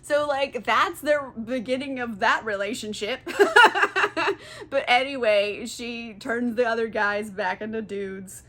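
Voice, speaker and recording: A woman's voice: fairly high pitch, fairly even intonation, unhurried, a bit bright. A young woman, tipsy, summarizing a book in a giggly, swearing, casual way, full of "like". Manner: giggly, swears a lot, filler-heavy. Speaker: book channel host.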